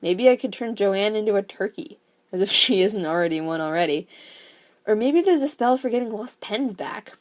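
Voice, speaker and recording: A woman's voice: medium pitch, expressive, moderate pace, natural voice. A woman reading a defiant bullied girl. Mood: wondering.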